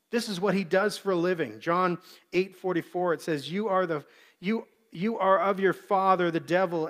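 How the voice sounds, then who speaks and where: A man's voice: sits high, a bit bright. A man preaching a sermon as pastor, earnest, briefly acting out the voices he quotes.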